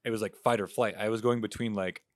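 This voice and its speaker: A man's voice: lowish voice, fast, dry recording, studio quality. A young man on a podcast, telling a story in casual chat, swearing freely and acting out what everyone said. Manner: profane, animated storyteller acting out quotes. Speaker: podcast co-host.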